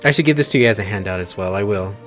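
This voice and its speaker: A man's voice: lowish voice, very fast, a bit bright, soft background music. A man narrating a tabletop game as game master, hesitant with many ums.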